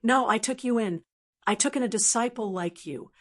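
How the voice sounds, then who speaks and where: A woman's voice: a little high, normal speed. Woman voicing a blustery martial arts master. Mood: boastful. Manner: loud scolding, embarrassed bluster. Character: boastful middle-aged male martial master, blustery.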